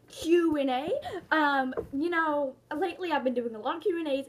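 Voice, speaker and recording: Casting: high-pitched woman, student host of her own vlog, giggly, jokey, rambling. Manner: jokey, giggly, talks in silly asides. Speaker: YouTuber hosting her own channel. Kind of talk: casual rambling vlog chat.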